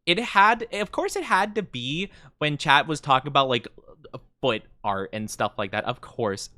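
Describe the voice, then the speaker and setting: A man's voice: fairly high pitch, animated, moderate pace, bright, forceful tone, no echo. A young man streaming, chatting casually and reading chat aloud in a playful, mock-offended way with lots of fillers.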